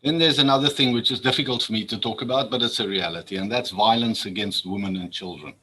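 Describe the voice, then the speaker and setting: A man's voice: on the low side, quick pace, pushed and bright, husky, rough recording. Earnest man giving a speech. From South Africa. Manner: earnest, repeats words when stirred. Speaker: public official addressing an assembly. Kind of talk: formal speech.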